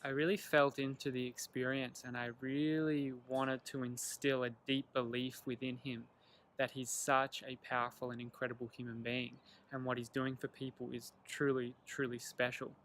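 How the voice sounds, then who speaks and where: A young man telling a personal story to camera in an earnest, animated way, acting out the lines of the people in it. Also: medium pitch, normal speed, slight background noise. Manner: earnest, animated retelling with quoted dialogue. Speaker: vlogger.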